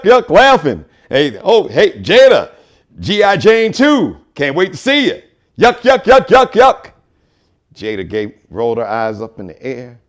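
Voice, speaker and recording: A male host riffing through a live commentary show, joking and storytelling with shout-outs. His voice sits a bit high for a man and swings widely in pitch.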